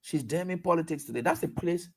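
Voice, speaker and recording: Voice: medium pitch, fast talker, slight background noise. A radio talk host, giving political commentary in an emphatic way, full of repetition and rhetorical questions.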